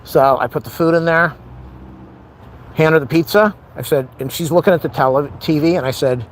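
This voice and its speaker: A man's voice: on the high side, normal speed, slight background noise. A middle-aged man venting in a rambling, frustrated casual monologue on a live stream.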